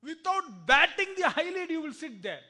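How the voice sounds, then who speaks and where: A man's voice: extremely high pitch, very animated, moderate pace, sharp tone. A man with an Indian English accent giving a spiritual discourse at a temple, asking the audience rhetorical questions and acting out both sides of conversations. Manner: asks the audience rhetorical questions, acts out the dialogue himself.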